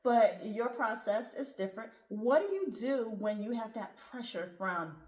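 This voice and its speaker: A woman's voice: on the high side, expressive, normal speed, a little mellow, echoey room. A woman hosting a podcast in casual chat, talking in a chatty way with frequent laughs. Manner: chatty, laughs often, says "you know" a lot. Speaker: podcast host.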